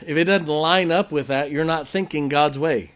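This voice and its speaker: A man's voice: fairly high pitch, moderate pace, a bit bright. A middle-aged man preaching a folksy sermon, often asking the congregation questions. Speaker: pastor.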